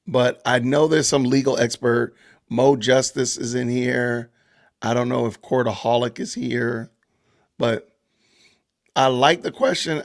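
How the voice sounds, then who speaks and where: Gravelly-voiced man chatting on a live stream. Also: medium pitch, measured pace. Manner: animated, laughs often, reads viewer comments aloud. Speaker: podcast host reading live chat. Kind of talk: casual live-stream commentary.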